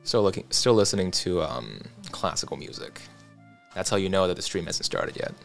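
A man hosting a casual livestream, reading viewer comments aloud in a relaxed, chatty way and adding quick asides. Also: low-pitched, creaky, soft background music. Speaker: livestream host.

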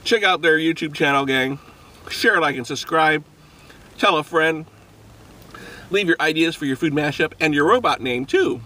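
A man's voice: fairly high pitch, moderate pace, long pauses, sharp tone. A man hosting a casual food review vlog, talking in an upbeat, rambling way and laughing often.

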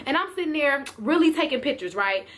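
High, bright-voiced woman vlogger. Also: a little fast, slight background noise. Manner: animated, slangy, talks to viewers directly. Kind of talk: storytime vlog.

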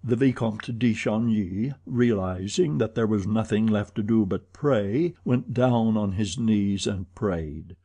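A man's voice: lowish voice, takes it slowly, hardly any pauses, dark tone, husky. A man narrating an audiobook in a dramatic, intense storytelling manner.

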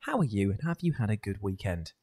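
A man's voice: on the low side, sing-song, fast, warm tone, dry recording. A young man co-hosting a gaming livestream, upbeat and jokey, rattling off greetings to viewers. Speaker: livestream co-host. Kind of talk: casual gaming livestream chat.

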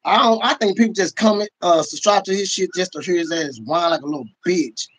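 A man hosting a livestream, delivering a profane, mocking rant with sudden shouts. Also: high voice, fairly quick, rough recording. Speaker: livestream host. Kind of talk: ranting livestream commentary.

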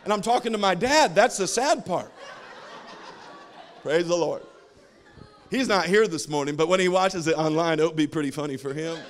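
A male pastor in his thirties delivers a relaxed sermon, slipping into humorous stories about his family and chuckling at his own punchlines. His voice sits a little higher than most men's. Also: moderate pace, pauses often, a little hiss or hum. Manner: jokey storytelling, laughs at his own stories.

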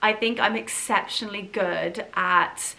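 A woman talks to her viewers in a casual vlog, chatty and effusive, full of little asides. Her voice is bright and ringing, at a middle pitch. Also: fairly even intonation, a little slow, vocal fry. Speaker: vlogger. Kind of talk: casual chat to camera.

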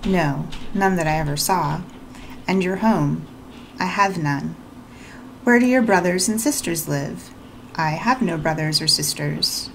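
A woman reading the part of a reserved eighteen-year-old governess who answers plainly and calmly. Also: lowish voice, vocal fry, a little hiss or hum, rough recording. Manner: short, plain, composed answers. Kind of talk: read-aloud storybook narration.

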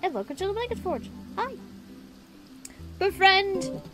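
A woman streaming a video game live, chatting and giggling with her viewers in an animated way. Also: very high voice, moderate pace.

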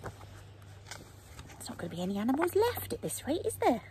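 A woman's voice: sits high, moderate pace, a little hiss or hum. A woman reading a picture book aloud to young children, asking them questions and often whispering. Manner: animated, asks young listeners questions, drops to whispers. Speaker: children's storyteller.

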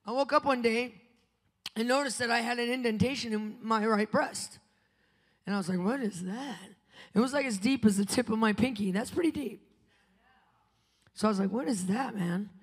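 A woman preaching a live conference sermon, telling a testimony with dramatic swings between loud and hushed delivery. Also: fairly high pitch, fairly quick, long pauses. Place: conference venue. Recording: preaching in a large reverberant hall.

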